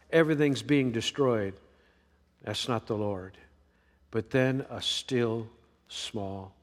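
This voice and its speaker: A man preaching a sermon, swinging between emphatic lines and hushed ones. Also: medium pitch. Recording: long reverb of a large hall.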